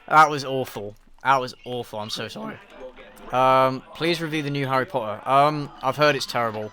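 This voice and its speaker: A man with an English accent chats offhandedly on a live stream, dry and self-deprecating as he answers viewers. His voice has a bright tone at a middling pitch. Faint music plays underneath. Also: moderate pace. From England. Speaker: YouTube reviewer streaming a game.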